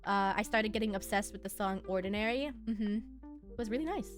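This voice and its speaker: With faint music behind her, a young woman with a mid-range voice chats briskly with live viewers while streaming from home. She's giggly and bubbly, teasing the chat and laughing often.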